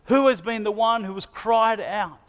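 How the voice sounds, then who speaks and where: A man with a fairly high voice preaches a sermon, earnest and searching, turning questions back on his listeners. His words ring out with a long reverb, as in a church hall. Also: normal speed, fairly bright tone.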